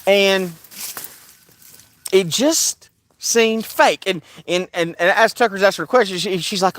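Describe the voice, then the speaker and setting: A man's voice: high voice, unhurried, long pauses, fairly bright tone, dry recording. A man delivering a casual, heated monologue as an online commentator, sarcastic and keen on repeating a mocking refrain.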